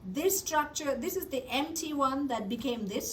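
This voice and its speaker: A woman's voice: sits high, animated, normal speed. A woman teaching a biology lab, drilling anatomy terms by repetition with short praise. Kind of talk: call-and-response anatomy review. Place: classroom lab. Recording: distant mic with classroom crowd.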